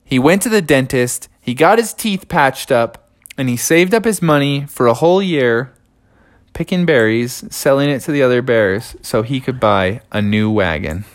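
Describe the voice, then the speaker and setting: Playful dad telling a rambling story. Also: male voice, medium pitch, expressive, moderate pace. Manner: playful, rambling with casual slang. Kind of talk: improvised bedtime story.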